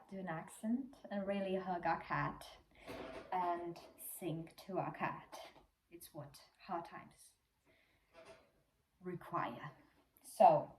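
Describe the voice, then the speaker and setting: A young woman talking to camera in a casual personal vlog from her home, speaking softly and haltingly. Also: on the low side, reverberant. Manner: soft, tearful and halting, with small laughs. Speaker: vlogger.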